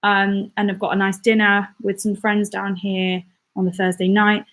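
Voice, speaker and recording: A woman's voice: medium pitch, monotone, moderate pace, a bit bright. A young woman from England chatting casually on a live stream as a vlogger, bubbly and reading viewer comments aloud.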